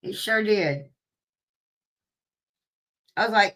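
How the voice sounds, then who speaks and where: A woman telling a story to her viewers in a casual, animated way, swearing freely and laughing at herself. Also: mid-range voice, measured pace. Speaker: streamer talking to live chat.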